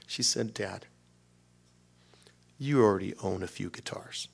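A man preaching a storytelling sermon, animated and self-mocking, acting out dialogue with big swings and dropping to hushed near-whispers in prayer. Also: on the low side, unhurried, vocal fry, long pauses, breathy edge.

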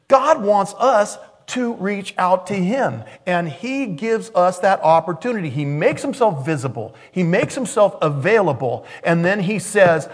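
Animated male preacher, higher voice. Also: normal speed. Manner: animated storytelling, acts out quoted voices. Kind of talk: sermon.

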